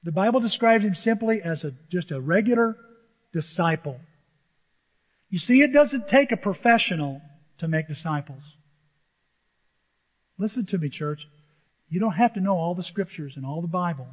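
High-voiced preacher in an echoey church. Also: male voice, animated, normal speed, pauses often, slightly rough. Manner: emphatic, rhetorical questions to the congregation. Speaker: pastor. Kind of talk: sermon. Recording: dull echoey church recording.

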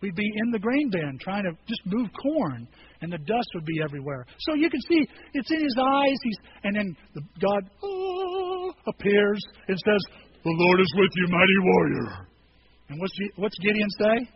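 Animated high-voiced male preacher. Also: moderate pace. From rural farm upbringing. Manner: animated, acts out bits of scripture in quoted voices. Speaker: pastor. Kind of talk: sermon. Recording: slightly dull recording with faint noise.

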